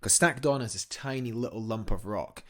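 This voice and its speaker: A man's voice: fairly low pitch, fairly quick. A young man, a guest climber, telling a story eagerly in a casual interview, rambling with fillers and restarts.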